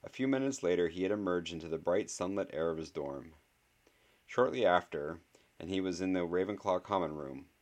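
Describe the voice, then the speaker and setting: A man reading a novel aloud as an audiobook narrator, in a measured, dry storytelling manner. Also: low voice. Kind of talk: scripted narration.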